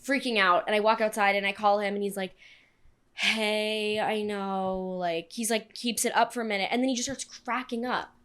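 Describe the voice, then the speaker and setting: A young woman co-hosting a podcast, telling stories in a casual chat and acting out quotes with big jumps in pitch. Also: fairly even intonation, fast, hardly any pauses, a bit bright. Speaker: podcast co-host. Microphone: podcast studio mic.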